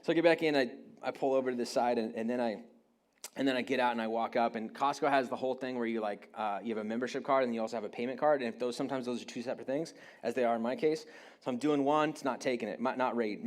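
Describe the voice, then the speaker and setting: A man in his late thirties preaching a sermon, telling a rambling, self-deprecating story with frequent restarts. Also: mid-range voice. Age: 30s. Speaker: pastor.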